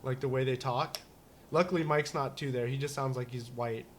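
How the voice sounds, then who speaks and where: A man's voice: medium pitch, steady tone, normal speed, slight background noise. A man co-hosting a casual talk show, rambling and joking with many restarts and fillers. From United States. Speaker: podcast co-host. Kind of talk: casual chat.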